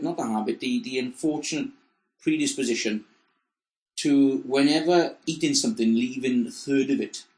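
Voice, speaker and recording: A man talks in a halting, rambling way, full of restarts and self-corrections. His voice is mid-pitched, and it rings in a roomy, echoey space as he chats through a comedic podcast. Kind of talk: casual comedic chat. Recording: roomy echo.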